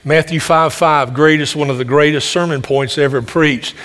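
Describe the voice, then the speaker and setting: Preacher guy, loud booming voice, kinda high pitched, lots of restarts, long church hall echo. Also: fairly even intonation, moderate pace. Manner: folksy storytelling with frequent restarts; loud, carrying voice. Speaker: pastor. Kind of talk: sermon.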